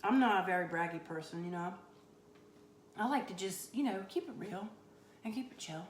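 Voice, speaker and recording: A woman's voice: mid-range voice, expressive, normal speed, roomy sound, slight background noise. A woman hosting a comedic cooking show on a live stream, rambling through a mock-boastful, tongue-in-cheek story.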